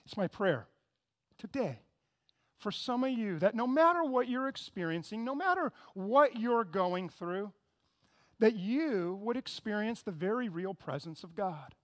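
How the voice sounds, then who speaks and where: A man with a strikingly high voice preaching a sermon. He is animated and repeats his key phrases, and he invites the congregation to echo words back to him. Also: measured pace. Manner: animated, repetitive, asks the congregation to respond. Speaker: pastor.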